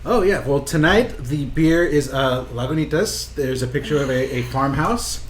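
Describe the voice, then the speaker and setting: A man's voice: on the high side, animated, moderate pace. A man co-hosting a casual live review show, teasing the others and joking. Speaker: co-host.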